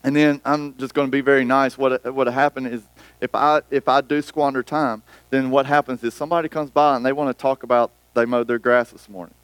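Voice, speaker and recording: A man's voice: mid-range voice, steady tone, brisk, clear, resonant tone, no room sound. A man preaching a sermon in a conversational way, acting out the voices of other people. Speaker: pastor.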